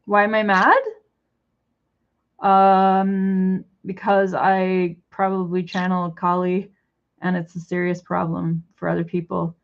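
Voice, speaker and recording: A woman's voice: lowish voice, flat delivery, slow pace. Stoned woman vlogger, rambling casual talk, raised sing-song scolding for her pets, dull lo-fi audio.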